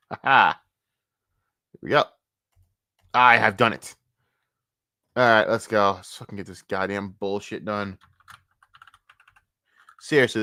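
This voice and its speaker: A streamer ranting on a live stream, cursing constantly, dropping to low mutters and then bursting out loud, and often repeating the same phrase several times. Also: no echo, clean studio sound. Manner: profane, swings between low muttering and loud outbursts.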